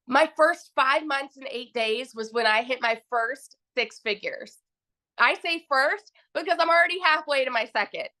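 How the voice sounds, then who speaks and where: A young woman with a high voice tells her success story in a gushing, emphatic rush, circling back to repeat her key phrases. Her tone rings bright and forward, and she sounds thrilled and fired up the whole way through. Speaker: customer giving a testimonial. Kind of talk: excited personal success story.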